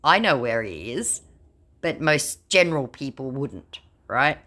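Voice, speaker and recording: A woman's voice: very deep voice, sing-song, a little slow, fairly bright tone. A woman narrating her chats with scammers in a dry, sarcastic, casual way. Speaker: scam-baiting video creator. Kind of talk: casual narration reading chat logs.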